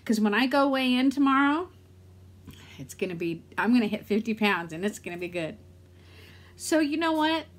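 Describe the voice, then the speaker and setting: A woman's voice: on the high side, lively intonation, moderate pace, long pauses. Rambling middle-aged woman vlogger. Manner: candid, rambling and self-talking. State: emotional, near tears. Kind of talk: casual vlog talk.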